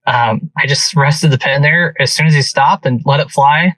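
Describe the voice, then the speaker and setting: A man, a guest on a podcast, telling a hunting story in casual and animated speech. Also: mid-range voice, moderate pace, no room sound. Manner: animated, vivid retelling. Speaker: guest hunter. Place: podcast studio. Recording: distant from mic, dry.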